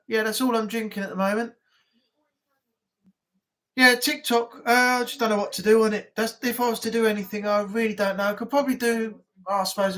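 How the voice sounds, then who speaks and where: A livestream host, chatting casually and rambling through anecdotes, often laughing at their own stories. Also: mid-range voice. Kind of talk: casual live chat.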